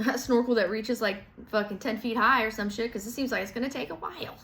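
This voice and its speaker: A woman's voice: on the high side, fast, fairly bright tone. A woman giving a casual tarot reading, rambling and full of filler words, with the odd swear. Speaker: tarot reader.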